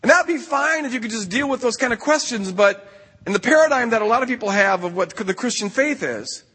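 A man giving an animated sermon at a retreat camp, acting out the voices in the stories he tells. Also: very high-pitched, brisk, slightly rough, long reverb tail. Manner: animated, acts out quoted voices. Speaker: retreat speaker.

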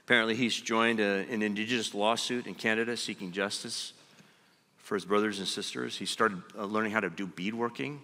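A man preaching a sermon, emphatic and deliberate, slowing down to stress his key phrases. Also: fairly low pitch, fairly even intonation, bright, forceful tone. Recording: long hall reverb.

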